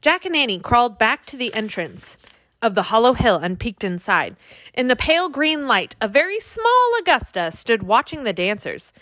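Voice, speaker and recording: A woman narrating a children's audiobook with an expressive reading. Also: a little high, moderate pace, dry recording, studio quality.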